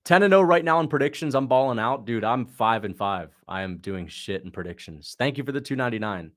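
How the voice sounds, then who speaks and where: A man's voice: mid-range voice, expressive, fairly quick, fairly bright tone. A man hosting a casual watch-along livestream, chatting in a slangy way and answering viewers' questions. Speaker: livestream host.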